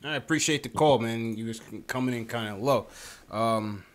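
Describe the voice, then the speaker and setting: Male podcast host, mid-pitched, easygoing and chatty. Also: normal speed, a little hiss or hum. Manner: relaxed, chatty, fills with "man". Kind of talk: casual sports talk.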